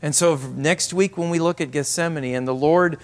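A man preaching a sermon as pastor, emphatic and repetitive, sometimes dropping to soft asides. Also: fairly high pitch, moderate pace.

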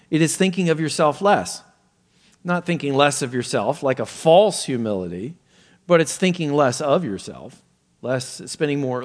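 A man preaching a sermon, earnest and measured, teaching through a passage with occasional fillers and restarts. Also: fairly high pitch, a little mellow, in a large hall. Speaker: pastor.

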